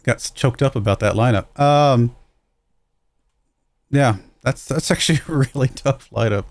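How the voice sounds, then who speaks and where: Male streamer, mid pitch, gravelly, close dry sound, musing aloud through his game. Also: moderate pace, pauses often, darkish tone, no room sound. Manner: musing aloud, self-deprecating, chuckles at own mistakes. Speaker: streamer playing a football management game. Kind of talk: casual livestream commentary.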